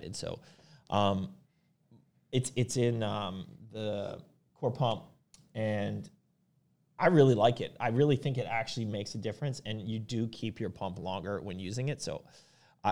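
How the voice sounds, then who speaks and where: A man co-hosting a casual podcast about supplements, talking loosely with fillers and restarts. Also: lowish voice. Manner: relaxed, rambling with fillers and restarts. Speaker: podcast host.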